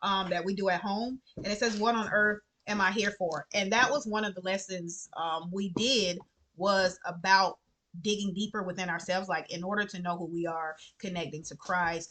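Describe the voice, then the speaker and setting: A woman's voice: fairly low pitch, fairly even intonation, moderate pace, fairly bright tone. A woman with children, talking earnestly to camera in a casual vlog and repeating phrases for emphasis. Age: adult with children. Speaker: vlogger sharing favorite books. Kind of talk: casual heartfelt chat to camera.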